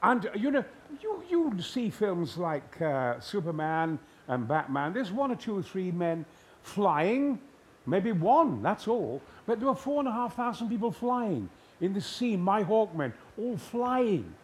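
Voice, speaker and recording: An older man from Yorkshire, a guest telling stories in a booming, theatrical way that bursts into shouted lines. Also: sing-song, measured pace, slight background noise. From Yorkshire, England. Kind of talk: anecdotal storytelling.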